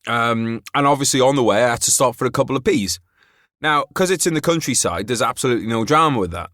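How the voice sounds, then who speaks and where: A man hosting a podcast in loose, rambling chat, his pitch in a middle range. He fills his talk with "like" and swears freely. The recording is dry and close-miked. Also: lively intonation, fast talker, fairly bright tone, no echo. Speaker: podcast host. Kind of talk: casual chat.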